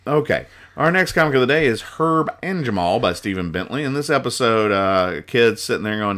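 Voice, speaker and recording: A man hosting a casual podcast where he reads comic strips aloud, talking in a rambling, halting way and laughing at his own explanations. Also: medium pitch, animated, a bit bright. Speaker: podcast host.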